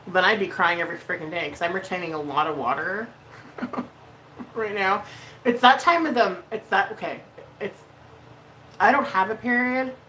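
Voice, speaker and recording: A woman's voice: medium pitch, moderate pace, long pauses, pushed and bright, slight background noise, poor audio. A woman hosting a casual livestream while doing her makeup, emotional and venting, swearing freely and laughing often. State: emotional, near tears. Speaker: livestream host.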